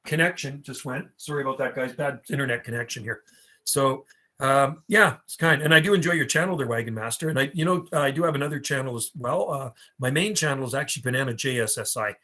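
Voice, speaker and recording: Man in his fifties, livestream host, chatty rambling reminiscer, mid-pitched voice. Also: sharp tone. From Canada. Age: 50s. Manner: rambling and reminiscing, answering chat. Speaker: livestream host and radio hobbyist. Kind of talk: casual livestream chat.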